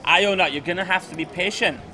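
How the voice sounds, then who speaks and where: A man's voice: sits high, a little fast, bright, forceful tone. A Scottish man doing live poker commentary from a festival booth. He chats, jokes, and reads out viewers' messages. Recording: crowd noise behind.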